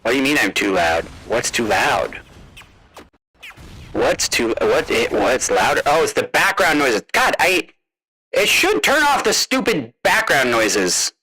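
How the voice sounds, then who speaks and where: A man's voice: mid-range voice, very animated, a little slow, pushed and bright, slightly rough, no room sound, poor audio. A man streaming a game, talking through a spaceman voice-changer filter, puzzled and complaining. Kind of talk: casual live-stream chat.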